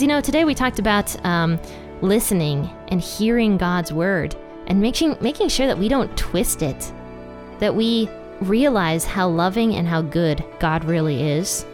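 A woman hosting a casual Bible study podcast. She talks in a chatty, animated way and laughs at her own asides. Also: lowish voice, normal speed, soft background music. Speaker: podcast host teaching the Bible.

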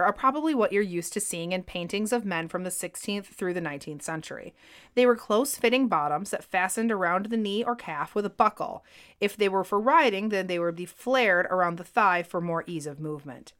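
A woman's voice: mid-range voice, fairly bright tone. Woman narrating a history script. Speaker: podcast co-host.

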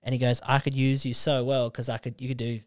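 A young Australian man, a comedian guest, telling stories in casual podcast chat, swearing freely and slipping into quick character voices. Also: mid-range voice, level tone, no room sound, studio quality.

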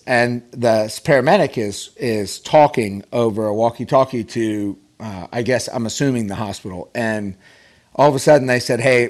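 Animated man telling a story. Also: mid-range voice. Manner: animated, acts out quoted voices, many restarts. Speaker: podcast guest, pro golfer. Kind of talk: casual storytelling.

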